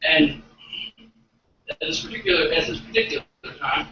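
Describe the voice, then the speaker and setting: A stand-up comedian tells awkward, self-deprecating stories, acting out what people said, in a fairly high, pushed and bright voice with big pitch swings at a normal speed. The recording has a little hiss or hum and sounds echoey and dull, captured from a distant mic.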